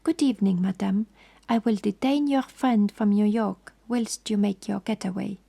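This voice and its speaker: A prim, exacting old detective, as a woman whispers him in a whispered role-play for a bedtime story. The voice is husky and dark, with a slow, gravelly edge. He speaks in ornate, formal phrases and gently scolds. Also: medium pitch, fairly even intonation. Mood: suave. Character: fussy, precise older male detective.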